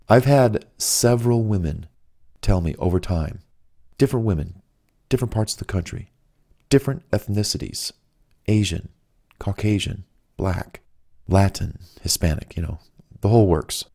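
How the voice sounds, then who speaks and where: A man giving relaxed, unhurried advice, drawing out his words with long pauses, reading his own audiobook. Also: deep voice, creaky, breathy edge. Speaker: audiobook author and narrator. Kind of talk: relaxed advice talk, slow and soothing.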